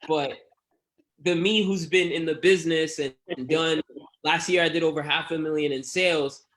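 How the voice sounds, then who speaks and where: A man with a New York accent chats as an interview guest. He talks in a fairly high voice and acts out both sides of his customer stories in a lively way. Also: normal speed. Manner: animated storyteller who acts out customer exchanges. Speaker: guest phone reseller. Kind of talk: casual interview chat.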